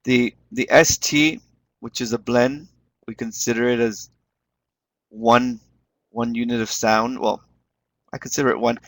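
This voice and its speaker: A man's voice: mid-range voice, steady tone, a little slow, pauses often. A man leading an online teaching webinar, encouraging the class and repeating words as he explains them. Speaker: webinar instructor.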